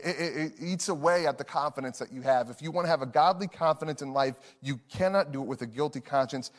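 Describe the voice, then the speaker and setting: A man in his thirties preaching a sermon as pastor, earnest, repeating phrases for emphasis and chuckling between lines. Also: on the high side.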